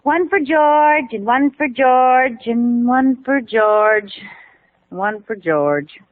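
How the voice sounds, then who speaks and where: Bubbly young radio wife. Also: female voice, a little high, extremely slow, no echo. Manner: bubbly, playful comic delivery. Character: cheerful young wife, chatty and fond. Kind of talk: 1950s radio comedy acting. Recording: tinny old radio transcription.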